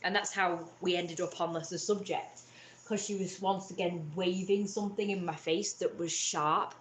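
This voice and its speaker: A young woman chats on a livestream in a fairly low voice. She rambles through long, upset retellings, stopping and restarting, and the room around her rings with echo. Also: steady tone, normal speed. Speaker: livestream host. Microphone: webcam or phone on a livestream.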